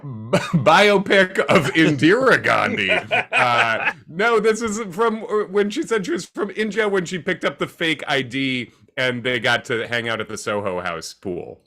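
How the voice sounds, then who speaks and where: A man co-hosting a livestream, chatting about a TV finale in a playful, excitable way. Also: a little high, creaky. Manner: excitable, playful, quick to joke. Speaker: podcast co-host. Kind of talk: casual recap chat on a livestream.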